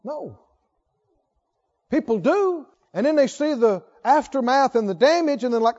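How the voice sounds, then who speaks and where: Male pastor, high voice, animated sermon delivery with call-and-response, lo-fi church recording. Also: a little slow, pauses often.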